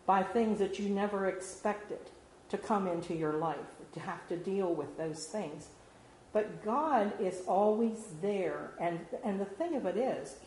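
A woman's voice: mid-range voice, darkish tone. Woman, informal sermon, earnest, conversational, fillers, roomy echo. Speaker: lay speaker giving a devotional. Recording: roomy hall with faint background noise.

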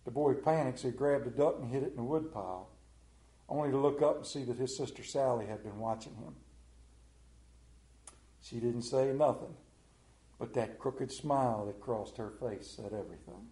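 A man preaching a sermon, telling stories in a folksy way and dropping to a hush for quoted lines. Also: medium pitch, normal speed, long pauses, reverberant. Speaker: pastor. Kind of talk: storytelling sermon.

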